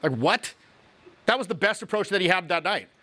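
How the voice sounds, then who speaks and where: Bright, high-voiced, swearing social coach. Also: male voice, a little fast. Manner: profane, animated storytelling. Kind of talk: casual explaining to camera.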